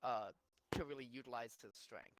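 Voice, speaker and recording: A man's voice: mid-range voice, normal speed, noisy background. A man acting as league commissioner, rambling through casual fantasy football chat with many restarts.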